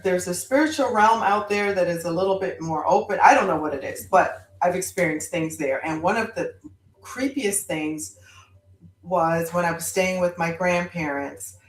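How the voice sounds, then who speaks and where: Woman, lowish voice, animated storyteller, echoey room. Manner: animated storyteller with sudden loud bursts. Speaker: guest author. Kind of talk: casual storytelling.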